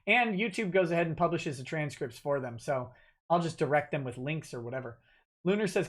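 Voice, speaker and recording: A man's voice: on the high side, animated, fairly quick, fairly bright tone. A man hosting a livestream, reading donor messages aloud and replying off the cuff with many fillers and restarts. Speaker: livestream host reading donations. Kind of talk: casual livestream chat.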